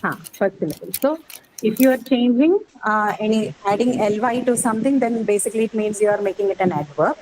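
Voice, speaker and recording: A woman's voice: medium pitch, a little fast, noisy background. Woman teacher explaining step by step. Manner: explains step by step, often checks in with students. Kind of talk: classroom lecture.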